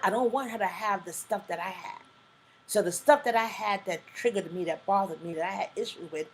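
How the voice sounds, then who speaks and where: Reading audience comments aloud during her live talk show stream, a woman chats informally and punctuates things with emphatic, preacherly remarks. Her voice is mid-range, and the rough recording carries a little hiss or hum.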